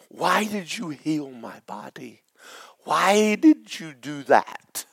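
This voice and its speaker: A middle-aged male pastor preaching, his voice tearful, dropping to whispers and rising to loud cries. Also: on the high side, big pitch swings, takes it slowly, creaky, breathy edge, no room sound. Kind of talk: sermon.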